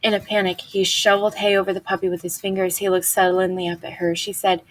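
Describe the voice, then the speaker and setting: Husky woman reading a novel aloud. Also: mid-range voice, level tone, fast, few pauses, poor audio.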